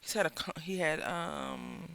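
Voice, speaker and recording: A woman's voice: low voice, a little slow, vocal fry, fairly bright tone. A woman with a Southern American accent, hosting a craft video and chatting in a rambling, storytelling way as she works at her craft table. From Southern United States. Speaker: craft channel host. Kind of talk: casual chat while crafting.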